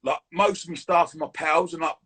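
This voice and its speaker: A man chatting casually as a guest, full of quick banter and a husky edge. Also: on the high side, steady tone, bright, forceful tone. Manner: fast, chirpy banter with lots of "mate". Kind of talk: casual chat.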